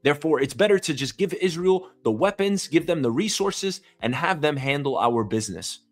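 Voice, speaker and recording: A man's voice: on the high side, expressive, moderate pace, faint music behind. A man hosting his own show from home, delivering an angry, profane, emphatic rant. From New York City. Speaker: host. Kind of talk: ranting commentary.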